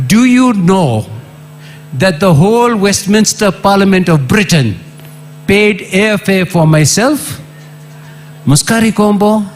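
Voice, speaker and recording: A middle-aged Kenyan man with a Kenyan accent, a former member of parliament giving an impassioned public address, emphatic and repetitive with sudden jumps in pitch. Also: a little hiss or hum.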